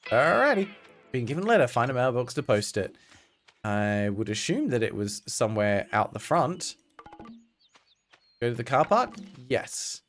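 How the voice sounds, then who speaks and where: A man's voice: mid-range voice, big pitch swings, a little slow, pauses often, fairly bright tone, soft background music. A male streamer giving dry, sarcastic commentary while playing a game.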